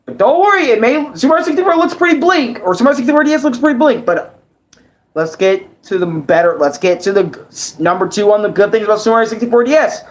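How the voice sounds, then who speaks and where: Rambling, excitable young gamer guy. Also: very high voice, fast. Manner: rambling, excitable, swears a lot, repeats himself. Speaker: gaming vlogger. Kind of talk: casual game review rant. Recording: roomy echo.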